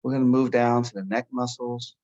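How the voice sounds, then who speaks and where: Calm man guiding a meditation. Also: mid-range voice, muffled recording. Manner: calm, slow, soothing instructions. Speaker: meditation guide. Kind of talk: guided meditation.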